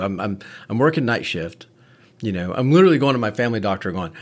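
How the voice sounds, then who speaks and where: A man's voice: lowish voice, animated, fast talker. A man, a medic and podcast host, telling a candid story in casual conversation with frequent swearing.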